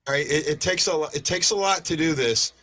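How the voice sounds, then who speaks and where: A man's voice: a little high, fairly quick, bright, forceful tone. A man hosting a fan podcast in casual live-stream chat, rambling and repeating himself as he talks.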